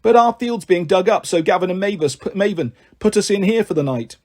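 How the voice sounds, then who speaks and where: A man's voice: high-pitched, animated, brisk, a little mellow. A man voicing an eager, agreeable female sheep in a storybook reading. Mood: chirpy.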